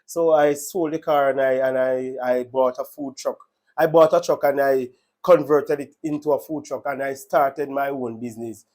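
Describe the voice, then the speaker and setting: A man's voice: medium pitch, steady tone, moderate pace, a little mellow. A man with a Jamaican accent telling his personal faith testimony in an earnest, emotional way, often repeating his words. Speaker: testimony speaker.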